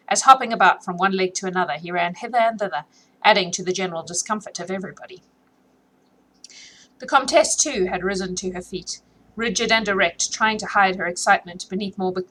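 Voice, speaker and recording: This woman has a mid-range, sharp voice and talks a little fast over a low-quality recording. She has a sore throat and reads a classic novel aloud to her followers in a casual, chatty way, pausing to correct her slips.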